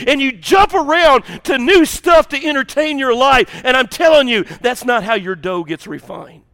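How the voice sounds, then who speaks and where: Male pastor, high, bright voice, animated and rambling with self-deprecating asides. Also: moderate pace, few pauses, long reverb tail. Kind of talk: sermon.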